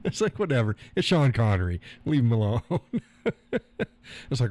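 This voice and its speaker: A man's voice: mid-range voice, very animated, normal speed, pauses often, darkish tone. A man hosting a live stream, reading out viewer chat in a rambling, folksy way and chuckling often.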